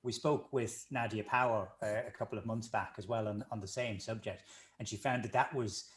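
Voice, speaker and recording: A man hosting a sports business interview, asking thoughtful questions in a measured way with small restarts. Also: fairly low pitch, fairly even intonation. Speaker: host.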